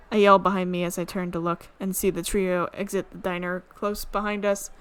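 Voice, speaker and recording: A woman streamer reading a visual novel aloud, amused and quick to laugh. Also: medium pitch, fairly even intonation, fairly bright tone, smooth. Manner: amused, reads with frequent laughs.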